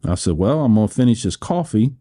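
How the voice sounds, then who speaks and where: An older American man tells his story as a podcast guest. His voice sits low and sounds mellow. He rambles, restarts his phrases and laughs often. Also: lively intonation, quick pace. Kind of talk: storytelling interview.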